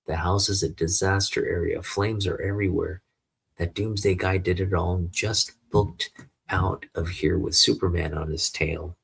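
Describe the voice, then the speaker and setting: A man reads a comic book aloud, throwing himself dramatically into the story. His voice sits deep and gravelly, with a husky grain to it. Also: fairly even intonation, normal speed, a bit bright. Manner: dramatic, shifts voice for each character.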